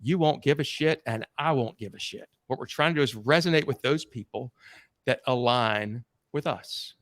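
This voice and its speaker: A man who is a sales coach and podcast guest, telling stories in a blunt, animated way and swearing freely. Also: medium pitch, normal speed, no echo, clean studio sound. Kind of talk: casual storytelling interview.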